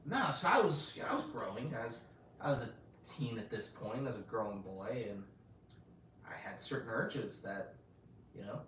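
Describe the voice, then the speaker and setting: A man's voice: medium pitch, normal speed. A man chatting casually on a podcast, retelling scenes with energy and swearing freely. His voice sits in a mid range and sounds a little far from the mic. The room is echoey, with a faint hiss of noise behind him. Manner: animated retelling, acts out quoted lines, swears often. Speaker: podcast co-host. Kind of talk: casual recap chat. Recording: roomy echo, mic at a distance, faint noise.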